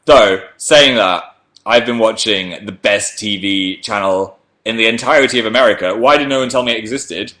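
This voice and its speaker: A man's voice: fairly low pitch, normal speed, sharp tone. A man hosting a casual livestream, reading viewer messages aloud and rambling in a chatty, self-deprecating way. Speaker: livestream host.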